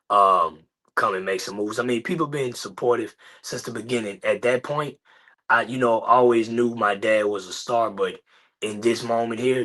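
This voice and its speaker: A young man talking casually as a guest on an interview show, laid-back and halting with many fillers. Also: on the low side, bright, forceful tone. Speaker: guest, son of a late rapper.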